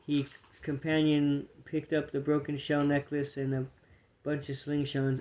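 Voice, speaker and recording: A man reading a storybook aloud to his children, with a steady, plain delivery and small slips. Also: on the high side, a little slow, lo-fi sound, a little hiss or hum.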